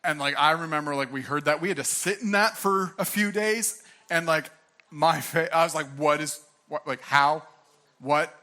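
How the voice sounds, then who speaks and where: A man's voice: fairly high pitch, moderate pace, bright, forceful tone. A young man giving a sermon as pastor, earnest and conversational, full of fillers and restarts.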